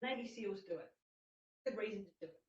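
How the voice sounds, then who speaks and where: A woman's voice: mid-range voice, fairly quick, roomy sound, far from the mic, dull audio. A woman taking part in a coaching session, talking in short clipped fragments. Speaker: participant.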